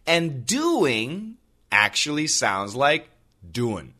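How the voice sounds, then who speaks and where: An American man teaching English on a podcast lesson speaks slowly and clearly, repeating every phrase in a bright tone. He's very animated, with pitch that swings up and down a lot.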